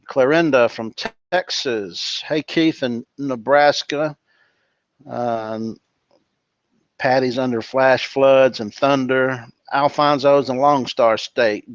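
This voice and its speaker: A relaxed man from California hosts a live online session, greeting his audience one by one and calling them brother and dude. His voice sits in a middle register. It comes through dry and a little muffled, like a basic computer microphone. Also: mid-range voice, no echo. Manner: relaxed and chummy, calls people brother and dude. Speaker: webinar host. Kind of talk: casual live-stream chat reading out viewer greetings.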